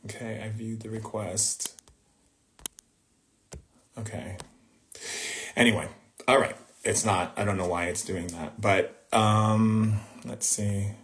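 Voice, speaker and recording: A man's voice: lowish voice, fairly even intonation, slow, pauses often, fairly bright tone. A man hosting a livestream as a spiritual teacher, talking conversationally and rambling with restarts and asides, sometimes muttering to himself. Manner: distracted by screen trouble, muttering to himself. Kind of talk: live-streamed spiritual talk.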